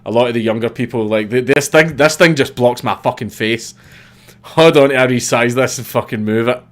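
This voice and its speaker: A man's voice: medium pitch, normal speed. A Scottish man in his thirties hosting a casual livestream, reading viewer comments and answering bluntly with swearing and repeated false starts.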